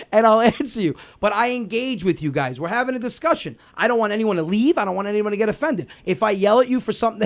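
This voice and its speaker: A man hosting a comedy podcast, talking loud and passionate in a casual rant. His voice sits very high and swings around a lot. A gravelly edge runs through it. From Italian-American family. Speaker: podcast host. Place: podcast studio.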